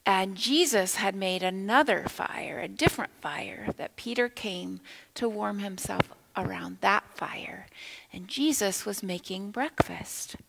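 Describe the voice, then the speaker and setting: A woman storyteller at children's time in a church, with a mid-pitched voice that has a gravelly edge. She keeps the children involved by asking them questions and sometimes lowers her voice to a whisper for effect. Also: unhurried, background noise. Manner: animated, asks the children questions, drops to a whisper at times. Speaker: children's minister. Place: church sanctuary.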